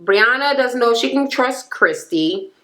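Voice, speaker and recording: A woman's voice: a little high, lively intonation, measured pace, a bit bright. A woman recapping a reality TV episode in a blunt, slangy, profane casual way. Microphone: camera mic.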